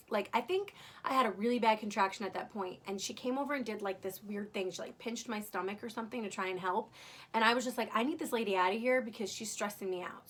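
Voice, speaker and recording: A woman's voice: mid-range voice, bright, forceful tone. A young woman candidly recounting her birth story in casual, emotional storytelling, swearing freely.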